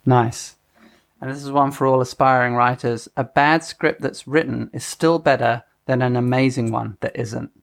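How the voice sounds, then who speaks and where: A middle-aged man hosting a casual podcast at a middling pitch. He rambles, chuckles often and stops mid-sentence to correct himself. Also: steady tone, moderate pace, creaky. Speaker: podcast host.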